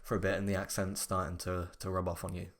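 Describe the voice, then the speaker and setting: Rambling, animated podcast host. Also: male voice, deep voice, fast talker. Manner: animated, rambling, mock-outraged jokes. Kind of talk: casual chat.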